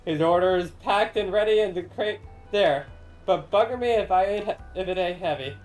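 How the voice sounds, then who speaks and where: Brief: woman reading as a rough-talking dockhand for a game stream, blunt, with mild oaths. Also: on the low side, normal speed, darkish tone, soft background music, lightly acted. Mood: gruff. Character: gruff, swearing dockhand.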